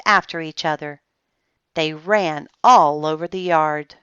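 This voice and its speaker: A woman reading a children's book aloud in a slow, expressive storytelling voice. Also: deep voice, clear, resonant tone, no room sound, lo-fi sound. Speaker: storybook reader.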